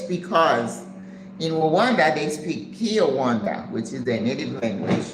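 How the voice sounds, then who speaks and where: An older woman hosting a live stream, telling a story in an animated way and acting out the voices of people in it. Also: unhurried. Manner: animated, acts out voices with big pitch jumps. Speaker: channel host. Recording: echoey room with background noise.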